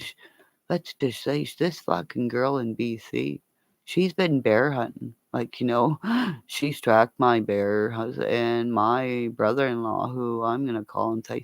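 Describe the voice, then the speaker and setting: A woman rambling through a livestream chat, unhurried, her low voice full of gravelly fry. She swears freely and calls her viewers by name and endearment. The sound is dry and close. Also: no echo. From Northern Ontario, Canada.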